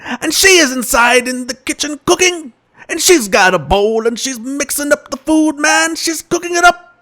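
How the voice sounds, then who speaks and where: A prim, fussy older comedian scolds in a high, sing-song voice, as a man imitates him on stage. The phrasing is stiff and mock-formal, full of quaint euphemisms and stretched out slowly. This is a stand-up impression. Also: lively intonation, pushed and bright, full character voice. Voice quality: exaggerated, slow and sing-song. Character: older male comedian, fussy and preachy father.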